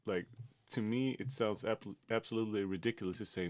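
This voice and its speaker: A man's voice: on the low side, fairly quick, no room sound. A man from Sweden, a music producer talking casually on a livestream, hesitant and full of fillers and restarts.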